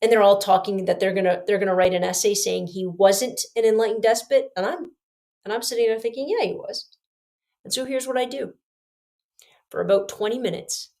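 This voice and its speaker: On her podcast, a woman with a gravelly, mid-range voice tells a personal story with emphasis and energy. She swings between punchy, loud lines and hushed asides.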